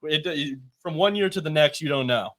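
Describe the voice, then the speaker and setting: A man's voice: fairly high pitch, moderate pace, fairly bright tone. Agreeable male co-host chiming in. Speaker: podcast co-host. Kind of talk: casual sports chat.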